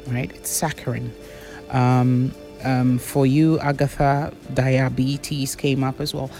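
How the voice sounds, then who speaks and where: A woman's voice: rumbling low, slow, mellow, soft background music. A woman, a diction and public speaking coach giving corrective feedback on debaters' pronunciation.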